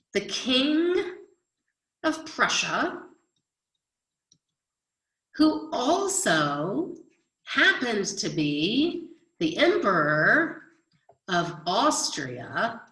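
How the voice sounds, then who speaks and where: A woman's voice: mid-range voice, very animated, very slow, long pauses, pushed and bright, roomy sound, poor audio. A woman history teacher giving a chatty recorded lecture, explaining with everyday examples.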